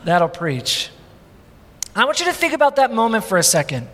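A man's voice: extremely high pitch, racing, in a large hall. A male pastor preaching a sermon in a conversational, storytelling way, acting out the people in his story. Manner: animated, conversational, acts out quotes.

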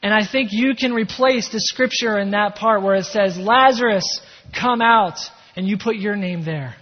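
Male pastor, high husky voice, emphatic sermon delivery, echoing church hall, dull sound. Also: normal speed. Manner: emphatic preaching with shifts between energy and hushed calm. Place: church sanctuary.

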